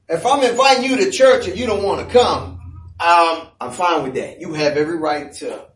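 Animated high-voiced male preacher, storytelling sermon, roomy and distant. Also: moderate pace. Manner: animated storytelling with playful asides. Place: church. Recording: echoey room, voice from a distance.

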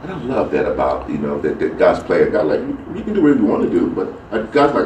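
Low-voiced and quick, the man barely pauses as he tells a devotional story informally, acting out the quoted voices with animation. A distant mic gives the recording a roomy feel and lets in slight background noise.

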